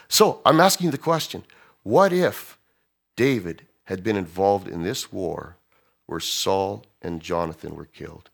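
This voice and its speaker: A man preaching a sermon, animated, swinging from loud emphasis to hushed tones as he acts out quotes. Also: deep voice, unhurried, creaky. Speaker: pastor.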